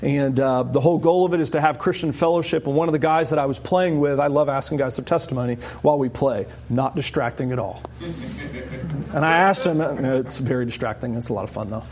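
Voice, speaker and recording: A man preaching a sermon to a congregation, animated and emphatic, often rising sharply in pitch for stress. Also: a little fast.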